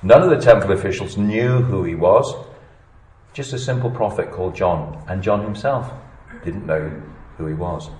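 A male preacher. His voice sits a little low, and he drops to near-whispers before rising to emphatic peaks. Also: normal speed, roomy sound, a little hiss or hum, rough recording. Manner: animated preaching, swinging between hushed and emphatic. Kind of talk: sermon.

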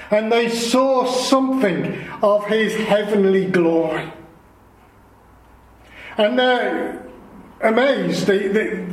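A man preaching a sermon, explaining scripture in a slow, earnest way. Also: sits high, echoey room, rough recording.

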